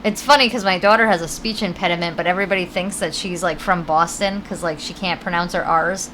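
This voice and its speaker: Connecticut lady rambling thru a game stream, bright voice, bit of faint hum behind her. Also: fairly low pitch, steady tone, fairly quick, poor audio. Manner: chatty, rambling, reads chat aloud, swears now and then. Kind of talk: casual gameplay chat.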